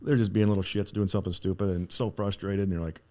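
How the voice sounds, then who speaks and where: Male host with a low, warm, dark voice, frank and casual with mild swearing. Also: flat delivery, fast talker. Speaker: podcast host. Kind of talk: casual conversation.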